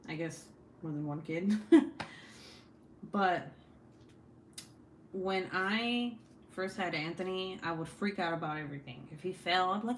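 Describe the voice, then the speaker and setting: A woman's voice: fairly low pitch, a little hiss or hum. A young woman hosting a crafting stream at home, chatting bluntly with lots of swearing and laughter. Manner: blunt, profane and laughing often. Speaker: crafting livestream host. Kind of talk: casual chat while crafting. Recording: echoey room.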